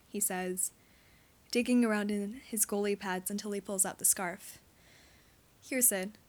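A woman reading fan fiction aloud in a steady storytelling manner. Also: mid-range voice. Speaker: reader.

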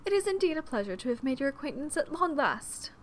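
Woman putting on a shrill gushing society mother. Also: very animated, fast, slight background noise. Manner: shrill, effusive, overbearing. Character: fussy loud middle-aged mother, gushing.

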